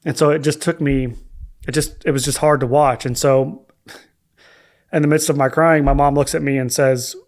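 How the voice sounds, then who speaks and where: A man speaking as a podcast guest, telling a personal story in a halting way with many restarts and fillers. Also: mid-range voice, steady tone, darkish tone.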